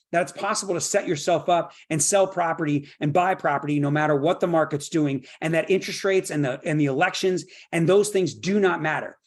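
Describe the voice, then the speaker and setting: High-voiced man giving a pep-talk workshop. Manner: energetic, repeats "right?" to draw in listeners; builds points through long repeated phrases. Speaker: real estate investor teaching a workshop.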